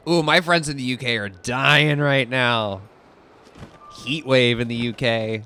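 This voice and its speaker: This young man speaks smoothly at a measured pace and medium pitch, chatting and giggling as he streams a game. His talk is lively, giggly, and meandering.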